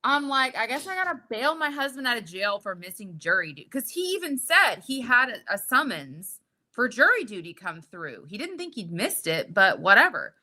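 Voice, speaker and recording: Bright-voiced woman telling a wild story. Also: on the high side, normal speed. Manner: animated, profane, acts out quotes. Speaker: podcast guest telling a story. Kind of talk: casual storytelling chat.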